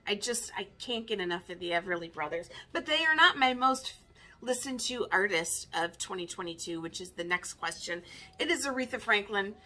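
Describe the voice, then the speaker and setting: A woman's voice: mid-range voice, animated, normal speed, bright, forceful tone. A woman in her fifties, a record collector chatting casually in a vinyl tag video, wry and self-mocking. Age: 50s.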